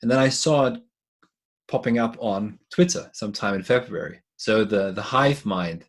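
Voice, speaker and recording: A man with a low, husky voice talks as a podcast guest over a remote call. He explains ideas thoughtfully, stumbling and restarting his words now and then as he builds a point. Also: moderate pace. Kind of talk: casual conversation.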